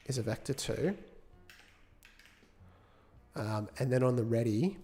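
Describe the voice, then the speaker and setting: A man's voice: mid-range voice, warm tone. Man thinking aloud while coding. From United Kingdom. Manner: thinks aloud, self-correcting; chats with viewers between tasks. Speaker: game developer streaming. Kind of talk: casual live-coding commentary.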